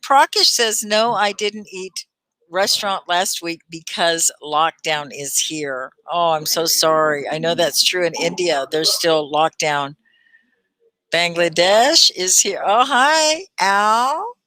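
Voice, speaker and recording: A woman teacher leads a live online English lesson with a bright, forward tone and an unhurried, deliberate pace. She is upbeat and encouraging, and she repeats words clearly for her learners. The sound is close and dry. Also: fairly low pitch, lively intonation, no echo, low-quality recording. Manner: upbeat, encouraging, laughs often, slow clear repetition. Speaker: ESL teacher and livestream host.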